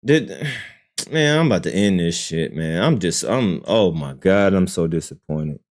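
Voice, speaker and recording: A man on a live stream, reacting with profane, exasperated talk that jumps between loud outbursts and low muttering. His pitch moves a lot from line to line, and he keeps repeating himself. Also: animated, measured pace.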